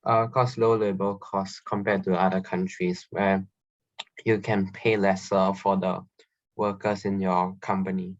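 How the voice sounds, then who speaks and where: A man's voice: low-pitched, little pitch movement, measured pace. A young man, a student, answering questions in class hesitantly and with fillers. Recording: dull lo-fi sound.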